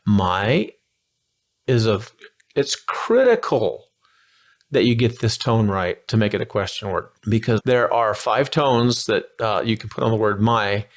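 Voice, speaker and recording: Breezy low-voiced man teaching language. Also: fairly even intonation, normal speed, hardly any pauses. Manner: breezy, playful, slangy. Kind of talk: casual video lesson.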